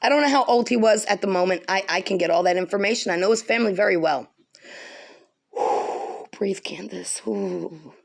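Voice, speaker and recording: A woman's voice: mid-range voice, rapid-fire, few pauses. A woman vlogger delivering an angry direct-to-camera rant, heated and profane, repeating lines for emphasis.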